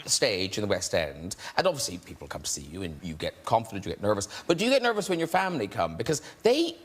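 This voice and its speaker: Lively, teasing male talk show host. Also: lowish voice, fast, breathy edge. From Ireland. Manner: teasing, jokey. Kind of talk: casual chat. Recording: studio with loud audience.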